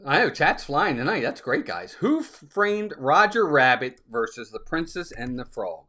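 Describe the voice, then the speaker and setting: A man's voice: a little high, big pitch swings, measured pace, pushed and bright. A man hosting a casual live stream, upbeat, laughing often and greeting viewers by name. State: out of breath.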